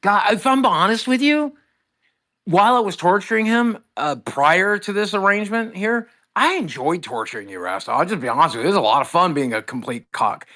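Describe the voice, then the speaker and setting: A man's voice: high-pitched, lively intonation, fairly quick, pushed and bright. Guy on a stream joking around, voice goes up and down a lot, mock confessions. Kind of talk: casual live stream chat.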